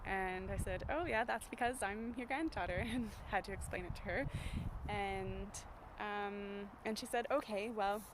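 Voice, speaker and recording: A young woman vlogs outdoors, chatting to camera in an easy, rambling way full of ums and self-corrections. Her voice sits at a middling pitch, and loud outdoor noise runs under everything she says. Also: measured pace. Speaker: vlogger. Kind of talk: casual vlog to camera. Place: outdoors in the countryside.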